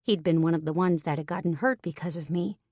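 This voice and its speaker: Lowish-voiced woman reading a romance audiobook. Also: fast talker, a little mellow, no room sound, studio quality. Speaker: audiobook narrator. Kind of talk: first-person romance audiobook narration.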